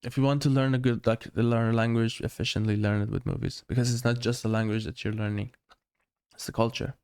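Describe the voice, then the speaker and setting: A man's voice: mid-range voice, flat delivery, fairly quick, darkish tone, clear, resonant tone. A man co-hosting a casual podcast, rambling about movies and quoting lines from them. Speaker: podcast co-host. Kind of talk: casual chat.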